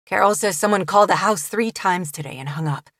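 A woman's voice: lowish voice, fairly quick, fairly bright tone, no room sound, clean studio sound. Woman reading a terse man on the phone. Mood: easygoing. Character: defensive grown man on the phone.

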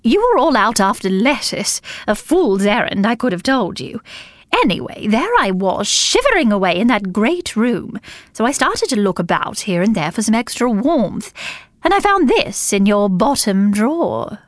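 A woman reading an audiobook voices a brisk, blunt elderly woman who talks in a matter-of-fact way. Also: medium pitch, big pitch swings, no room sound, clean studio sound, close to an everyday voice. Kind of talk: audiobook character voice.

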